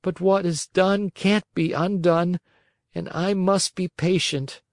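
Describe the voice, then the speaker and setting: Remorseful puppet boy, a man putting him on, high and thin, dry close sound, storybook reading. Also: steady tone, slow pace, dry recording. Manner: weak, pleading, self-reproaching. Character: remorseful wooden puppet boy, small and weak.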